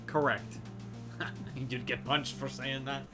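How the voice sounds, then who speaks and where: A man's voice: medium pitch, steady tone, slow. A man playing a game with friends on a stream, teasing and laughing in casual banter. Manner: teasing and playful, lots of laughter. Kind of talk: casual gaming chat. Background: game music.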